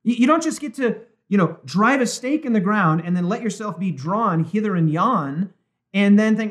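A man with a notably high speaking voice leads a Bible study discussion as a pastor. He talks emphatically and drags out key words when he reads a quotation aloud. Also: expressive, a bit bright. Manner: emphatic, slows down to stress quoted words.

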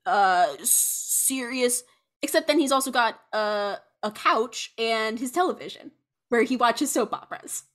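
A woman's voice: on the high side, animated, unhurried, fairly bright tone. A young woman co-hosting a podcast, rambling in casual chat with many fillers. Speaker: podcast co-host.

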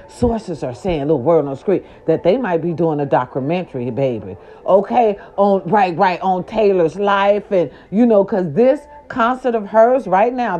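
A woman hosting a casual commentary show, ranting loudly with lots of profanity and slangy asides, exasperated and outspoken. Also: medium pitch. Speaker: host. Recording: dull lo-fi sound.

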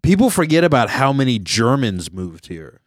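A man's voice: mid-range voice, very animated, moderate pace, no echo, clean studio sound. A man from California co-hosting a podcast, chatting casually with many fillers, asides and swearing. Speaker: podcast co-host. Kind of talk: casual chat.

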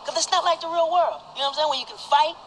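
A swaggering, crude inmate from a film scene, boasting loudly about women. His voice sits high for a man, and his talk is studded with "man" and "you know what I'm saying." There's faint background noise under him. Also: racing, low-quality recording. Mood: boastful. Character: brash male prison inmate, crude boastful joker. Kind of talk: film dialogue.

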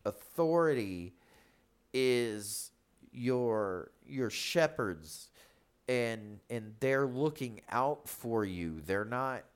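A man co-hosting a faith podcast, talking bluntly and emphatically, often repeating himself. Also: medium pitch. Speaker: pastor and podcast co-host.

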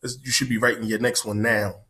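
A man's voice: on the low side, flat delivery, fast talker, pushed and bright. A man co-hosting a casual podcast, laid-back and easygoing, who keeps dropping "you know what I'm saying" into his talk. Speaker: podcast co-host.

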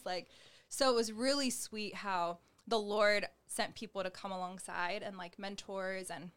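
A young woman tells her faith story to an interviewer in a loose, chatty way, with "like" in almost every phrase. She slips into the voices of the people she quotes and gestures as she talks. Her pitch sits in an ordinary middle range for a woman. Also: steady tone, a little slow, fairly bright tone, smooth. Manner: chatty, heavy use of "like", acts out quoted dialogue; gestures while talking. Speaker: guest sharing her testimony. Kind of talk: personal faith testimony in conversation.

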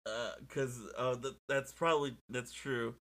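A young man talking casually on a podcast at a middle pitch. He tells stories with excited, animated energy and swears freely, jumping between thoughts. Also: a little slow. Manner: excitable, profane, animated storytelling. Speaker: podcast co-host. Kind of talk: casual chat.

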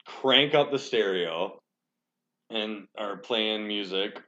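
A man's voice: lowish voice, slow, pushed and bright. A young man hosting a casual podcast chat, telling a rambling, profane, self-deprecating story. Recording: dull lo-fi sound.

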